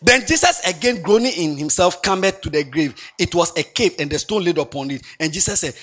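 A high-voiced man delivers a sermon with a husky edge. His pitch swoops widely as he tells the stories, and he half-sings the scripture in a lilting way. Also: fairly quick. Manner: animated, lilting scripture reading with dramatic swings. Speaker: preacher.

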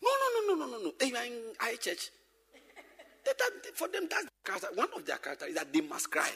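A man preaching with a high, bright, husky voice that leaps all over the scale. He repeats his phrases and swings from shouting to whispering. The sound rings with the long echo of a big hall. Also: huge pitch swings, fast talker. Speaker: pastor. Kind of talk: sermon to church workers.

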